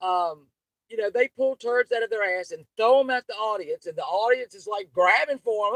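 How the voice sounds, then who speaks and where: A woman's voice: mid-range voice, moderate pace, dry recording, rough recording. A woman, hosting her channel with an angry, profane, rambling livestream rant. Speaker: channel host.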